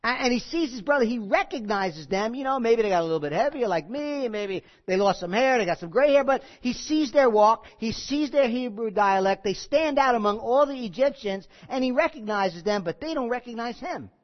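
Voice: medium pitch, fairly quick, few pauses, lo-fi sound. A pastor preaching a sermon and teaching through a Bible passage in a conversational way, repeating key phrases and asking the congregation questions. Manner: animated, asks the congregation questions.

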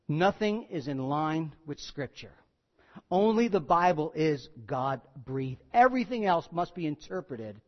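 A man delivers a sermon with a high-pitched voice. He hammers key words, then sinks quiet and low. The sound is muffled and rings with a long hall reverb. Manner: emphatic, building to loud peaks then dropping low. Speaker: pastor.

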